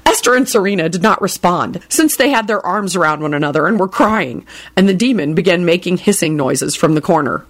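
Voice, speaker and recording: A woman's voice: lowish voice, animated, brisk. A woman reading a story aloud, narrating between character voices. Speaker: reader. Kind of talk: reading fan fiction aloud.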